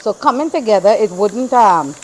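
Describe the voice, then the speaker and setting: A woman's voice: medium pitch, animated, normal speed, slight background noise. Chatty Trinidadian woman cooking at home. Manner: chatty, repeats phrases, talks while working. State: throat irritated, coughing now and then. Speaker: cooking channel host. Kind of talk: casual cooking demonstration. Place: home kitchen.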